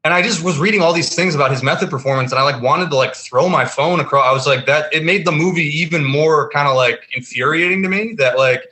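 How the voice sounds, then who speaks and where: A man's voice: fairly high pitch, fast talker, hardly any pauses, pushed and bright. A man co-hosting a casual film review podcast, talking emphatically with lots of fillers and restarts. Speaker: podcast co-host.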